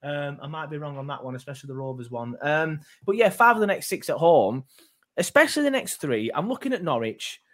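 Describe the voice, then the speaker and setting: A man's voice: a little high, animated, fairly quick, a bit bright. A man hosting a casual football fan chat, rambling and hesitant, full of fillers and restarts. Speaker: fan podcast host.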